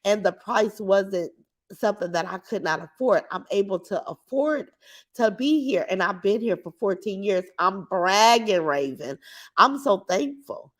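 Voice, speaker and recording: Lounging on her couch at home, a woman hosts a casual livestream and reads her chat, sounding brash, outspoken and boastful. Her medium-pitched voice is animated yet unhurried, picked up by a computer mic.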